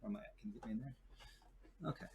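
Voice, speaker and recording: A man's voice: lowish voice, steady tone, rapid-fire, dark tone, husky. A man chatting as a guest who works as a desert tour guide, telling stories in a rambling way with many fillers and restarts. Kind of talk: casual chat.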